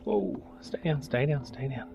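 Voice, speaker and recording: An Australian man fishing from a kayak outdoors, narrating to an action camera and bursting into excited exclamations. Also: fairly high pitch, a little slow, vocal fry, noisy background. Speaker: fishing vlogger. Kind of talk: casual fishing commentary. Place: outdoors on a kayak on open water.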